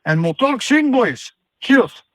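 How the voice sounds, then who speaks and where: A man's voice: very high-pitched, big pitch swings, slow, fairly bright tone, no echo, heavily acted, low-quality recording. A man putting on a brash, boastful Scottish male runner in a comic phone-in impression, talking trash with a Scottish accent. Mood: cocky boasting. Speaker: caller.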